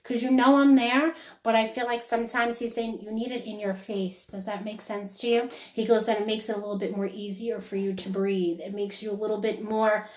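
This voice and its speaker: Woman medium giving a conversational reading; chatty, animated quoting, recorded in a reverberant room. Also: mid-range voice, brisk, few pauses. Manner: chatty, relays quotes in lively bursts with frequent laughs. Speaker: psychic medium. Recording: echoey room.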